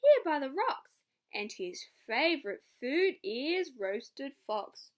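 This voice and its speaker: A woman's voice: high voice, big pitch swings, slow pace, exaggerated voice. A woman doing a cheeky little storybook mouse. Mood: boastful. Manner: bright, emphatic storybook read-aloud. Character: quick-thinking small boastful mouse.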